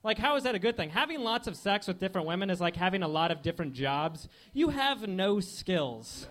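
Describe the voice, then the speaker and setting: On stage at a comedy club with a handheld mic, a young man works through a stand-up set of deadpan one-liners full of filler words. His voice is a little high and his pace moderate.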